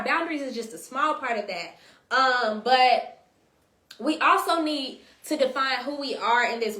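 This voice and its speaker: A high, bright-voiced woman hosts a casual stream, reading viewer comments aloud and chatting back with them. Her talk is slangy and direct, and the sound comes from an echoey room. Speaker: host.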